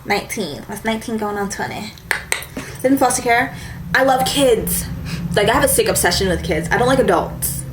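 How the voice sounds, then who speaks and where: Against a noisy background in an echoey room with faint ambience, a young woman talks briskly in a higher voice. She's a beauty vlogger chatting casually to camera, full of "like" and a valley-girl lilt.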